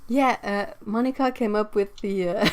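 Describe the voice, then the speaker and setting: A woman's voice: medium pitch, unhurried, darkish tone. Woman livestream host, casual and chatty, reads comments aloud while painting.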